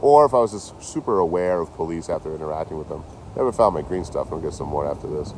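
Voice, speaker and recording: A man chatting casually to his livestream chat outdoors, telling stories in an animated, swearing way. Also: rumbling low, fast talker, slight background noise, low-quality recording. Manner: animated, swears a lot, talks to chat by name.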